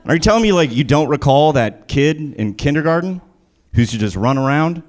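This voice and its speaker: A man performing live stand-up comedy, animated and prone to sudden loud shouts. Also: fairly high pitch, fairly quick.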